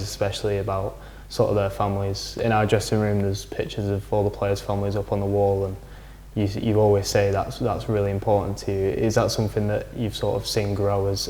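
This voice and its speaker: A man's voice: on the low side, darkish tone, slight background noise. A man interviewing a football coach, asking conversational questions. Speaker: club media interviewer.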